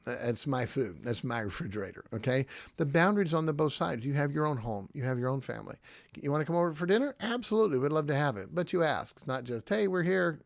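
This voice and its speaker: A man's voice: mid-range voice, lively intonation, fast talker, creaky, no echo. A middle-aged man, a pastor, giving casual podcast teaching in a conversational, emphatic way, often checking in with "okay?".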